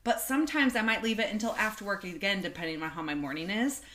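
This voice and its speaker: A woman's voice: medium pitch, quick pace, fairly bright tone, slight background noise. A woman co-hosting a podcast in casual chat, talking with lots of fillers and laughing easily. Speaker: podcast co-host. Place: in person with co-host.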